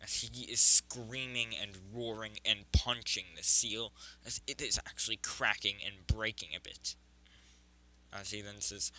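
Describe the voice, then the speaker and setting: A man's voice: lowish voice, fairly even intonation, measured pace, bright, forceful tone, poor audio. A man improvising a fan story narration, rambling with frequent self-corrections.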